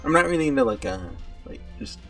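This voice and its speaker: A man's voice: a little high, lively intonation, quick pace, a bit bright, far from the mic, faint music behind. A man giving casual, rambling commentary on a video game, joking as he goes and reading the game's dialogue aloud. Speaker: let's play streamer.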